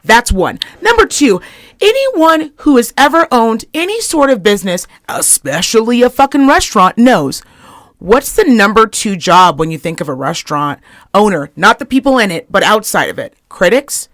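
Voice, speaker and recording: A woman's voice: on the high side, sing-song, moderate pace, fairly bright tone, no room sound, clean studio sound. A young woman co-hosting a casual podcast, ranting with heavy swearing and acting out the people she quotes. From Reno, Nevada area. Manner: profane, heated, acts out quoted people. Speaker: podcast co-host.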